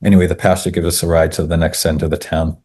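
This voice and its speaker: A man from Maine, a podcast guest, telling a story in a relaxed conversational way, often restarting his sentences and adding asides. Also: sits low, quick pace, husky. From Maine, USA.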